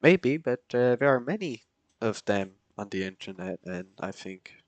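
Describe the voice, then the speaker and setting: A man with a fairly low voice streams a flight simulator at a moderate pace, reading back radio calls and chatting casually with his viewers. He's relaxed and talkative, using fillers as he responds to chat. There's no room sound, and the high frequencies are cut off.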